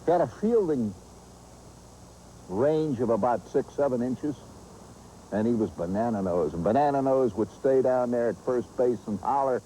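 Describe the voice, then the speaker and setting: A man's voice: medium pitch, normal speed, slight background noise, low-quality recording. A man hosting and telling a humorous, nostalgic story with vivid asides. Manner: animated, nostalgic yarn-spinning with vivid asides. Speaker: host and storyteller.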